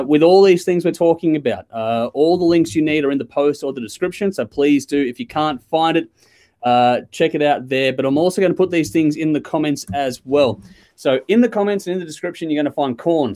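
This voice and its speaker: A man's voice: fairly high pitch, a little mellow. An Australian man hosting a live music chat stream, talking casually and rambling with lots of ums. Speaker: host.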